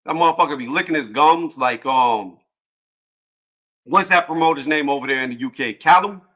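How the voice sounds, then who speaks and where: A man hosting a casual boxing livestream panel, joking loudly and cursing, with frequent laughs and trash talk. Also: a little high, moderate pace.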